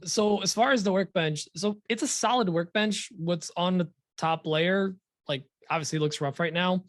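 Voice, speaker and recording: A man co-hosting a podcast in casual chat, rambling and relaxed, with lots of fillers. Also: sits high, moderate pace, dry recording, studio quality. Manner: relaxed, rambling, laughs easily. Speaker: podcast co-host.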